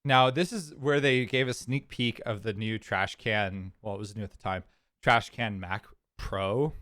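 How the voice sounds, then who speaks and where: Man, streamer, from California, casual rambling chat, lowish voice, dry close sound. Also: unhurried, fairly bright tone, no echo. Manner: rambling, chatty storytelling.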